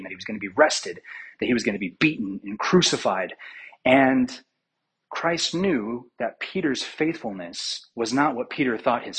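A man preaching a sermon, retelling scripture as a story, with pauses and fillers as he thinks aloud. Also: medium pitch, slightly rough, low-quality recording.

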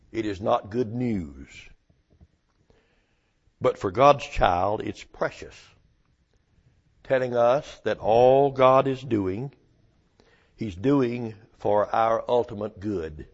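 A male preacher delivering a sermon, slow and emphatic, with dramatic pauses and rhetorical questions. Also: mid-range voice, darkish tone, muffled recording.

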